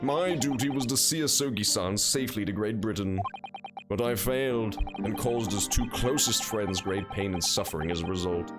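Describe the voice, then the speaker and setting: A stiff, formal inspector with a butler's voice, played by a man reading a game aloud. He speaks in a measured and apologetic way. Music plays underneath. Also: on the low side, natural voice. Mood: remorseful.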